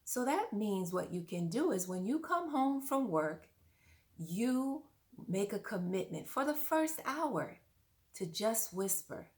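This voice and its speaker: A woman's voice: mid-range voice, sing-song, slow pace, darkish tone. Woman parent coach, earnest and coaching, speaks straight to the viewer. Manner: earnest, coaching, asks the listener questions. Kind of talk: direct-to-camera parenting advice.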